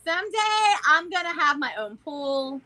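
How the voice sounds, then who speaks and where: A woman with a Southern American accent, co-hosting a casual vlog chat in an animated, chatty way. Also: sits high, unhurried, poor audio. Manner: animated, chatty, loud exclamations and laughs. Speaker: vlog co-host.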